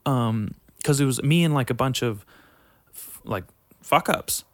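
A man's voice: mid-range voice, a little slow, a bit bright, dry recording, clean studio sound. A young man talking casually, telling a rambling, profane story with lots of fillers. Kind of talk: casual chat.

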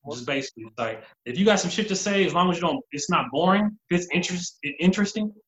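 Man co-host, blunt and profane, slightly high voice, dull lo-fi sound. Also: animated, fast, fairly bright tone. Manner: blunt, loose, swears a lot. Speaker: podcast co-host. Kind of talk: casual dating talk.

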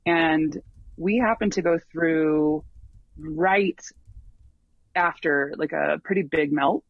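Higher-voiced man, dull lo-fi sound. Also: slow, no echo. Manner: rambling, full of ums and restarts. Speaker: long-distance hiker guest. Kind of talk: casual interview storytelling.

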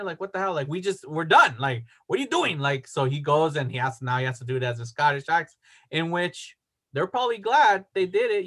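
A man's voice: a little high, a bit bright. A man co-hosting a podcast, talking in casual chat and rambling with many restarts while he reads facts aloud. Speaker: podcast co-host.

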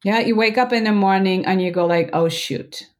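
A woman meditation teacher explaining as an interview guest, gentle and earnest, talking loosely with many "like" fillers and restarts. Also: medium pitch. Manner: gentle, earnest, acts out inner thoughts in quick asides.

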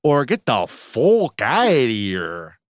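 A man's voice: mid-range voice, wildly swooping pitch, slow pace, dry recording. A man co-hosting a podcast, sarcastic and profane, ranting in casual chat. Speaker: podcast co-host.

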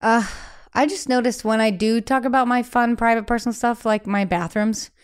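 A young adult woman, a singer-songwriter being interviewed, talking candidly and casually, with frequent "like" fillers and lively acted-out quotes. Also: fairly high pitch, normal speed, clear, resonant tone. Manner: chatty, many "like" fillers, acts out quoted voices.

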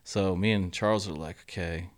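A middle-aged man, a golf coach telling lively stories in an interview and acting out the quotes. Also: a little fast. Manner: animated storyteller, acts out quotes, drops to a low murmur for asides. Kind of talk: casual interview storytelling.

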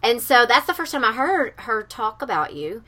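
A woman's voice: a little high, sing-song, pushed and bright. A woman hosting a podcast and chatting casually with her guest in a bubbly, gushing way. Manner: bubbly, gushing, quick to quote others. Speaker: podcast host.

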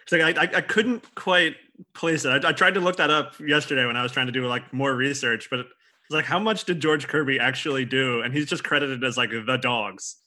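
Bright-voiced, giggly man chatting. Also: mid-range voice, brisk. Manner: chatty, self-deprecating, giggly. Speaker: podcast co-host. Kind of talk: casual film discussion.

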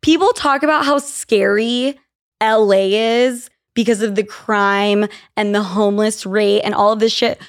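A woman's voice: medium pitch, a little slow, clear, resonant tone. A young woman from Utah hosting a podcast, telling candid, profane stories in casual chat. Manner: candid, profane, animated storytelling. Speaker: podcast host.

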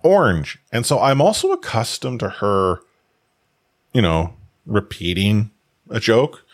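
A man's voice: on the low side, animated. Rambling young father chatting. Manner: rambling, halting with many restarts. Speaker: podcast co-host. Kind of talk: casual chat.

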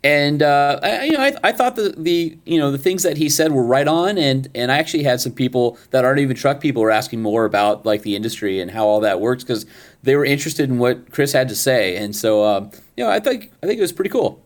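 Guy cohosting a podcast, easygoing storyteller, average pitch. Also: animated, fast. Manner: chatty storyteller, acts out quoted voices. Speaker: podcast co-host. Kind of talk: casual chat.

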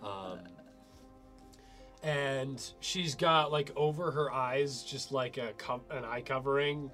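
A man's voice: medium pitch, slow pace, fairly bright tone, faint music behind. A man narrating as game master of a tabletop game, rambling and full of fillers.

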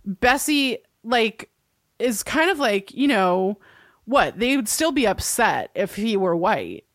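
Woman podcaster thinking out loud. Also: a little high, big pitch swings, slow pace, no room sound, studio quality. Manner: laughs often, swears, thinks out loud. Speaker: podcast co-host. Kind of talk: casual chat recapping a TV show.

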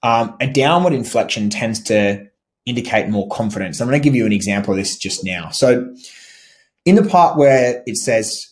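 A man teaching sales calls in a relaxed, conversational way, often saying "like" and restarting phrases, and acting out how to phrase questions. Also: mid-range voice, moderate pace. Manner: conversational, frequent "like" and restarts, demonstrates inflection. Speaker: sales trainer. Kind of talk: instructional talk over slides.

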